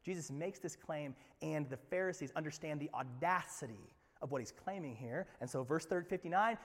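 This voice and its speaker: High-voiced man preaching in a reverberant church. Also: lively intonation, normal speed, hardly any pauses. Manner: dynamic preaching, swinging from loud emphatic lines to near-whispers; repeats words and restarts phrases when emphatic. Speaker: pastor. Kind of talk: sermon. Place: church sanctuary. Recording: long hall reverb from a church room.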